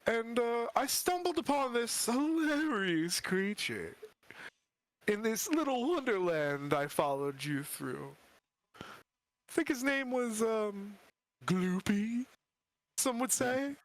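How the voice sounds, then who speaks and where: A man's voice: extremely high pitch, lively intonation, takes it slowly, no room sound, pitched above the performer's own voice, heavily acted. A man voicing a gloating male lich villain in a tabletop game, talking in a theatrical, smug, sing-song way. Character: gloating male lich villain, oddly high after absorbing a slime.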